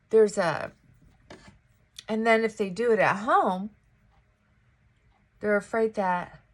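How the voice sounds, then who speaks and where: A woman vlogger chatting slowly and casually at home while she gets ready in the morning, stopping now and then to talk to her dog. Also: mid-range voice. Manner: slow, chatty, talks to her dog between thoughts.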